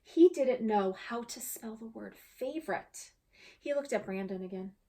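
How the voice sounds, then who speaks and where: A woman who teaches second grade, reading her own children's storybook aloud in a bright, teacherly way. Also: fairly high pitch, animated, unhurried.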